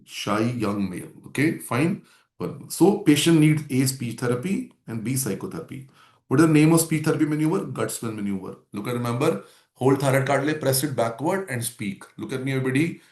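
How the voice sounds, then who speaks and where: A man's voice: medium pitch, expressive, fairly quick, darkish tone. A man teaching a medical class and repeating key terms to drill them in. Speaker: medical lecturer. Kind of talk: classroom lecture. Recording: echoey lecture room.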